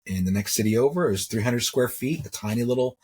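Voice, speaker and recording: Here a middle-aged metalsmith, interviewed about his jewelry making, talks in a rambling, casual style, repeating himself and mimicking others' words. His medium-pitched voice is expressive, a little mellow, and breathy at the edges, and he speaks at a quick pace.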